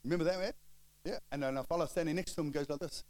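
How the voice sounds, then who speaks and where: A middle-aged man, preaching a storytelling sermon and acting out the dialogue with lively shifts of voice. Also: a little high, very fast, poor audio. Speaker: pastor.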